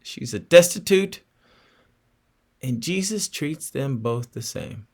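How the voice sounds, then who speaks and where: An earnest male preacher who retells a story and puts direct questions to his congregation. His voice sits at an ordinary middle pitch, and he lets important phrases sink low and quiet for emphasis. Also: expressive, slow. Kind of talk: sermon.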